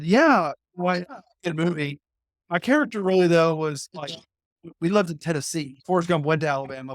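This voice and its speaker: A man in his thirties tells a story as a podcast guest, his voice pitched a little high for a man. He is animated, playful and self-deprecating. The recording is close and dry, with no room sound. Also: no echo. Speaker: podcast guest, former college football player. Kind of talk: casual anecdote-telling.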